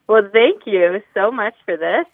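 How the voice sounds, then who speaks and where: A woman's voice: medium pitch, lively intonation, slow pace, no room sound. Woman calling in over a tinny phone line. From Alaska, USA. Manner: friendly, hesitant, with fillers and repeats. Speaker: caller. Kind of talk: phone-in call to a radio show.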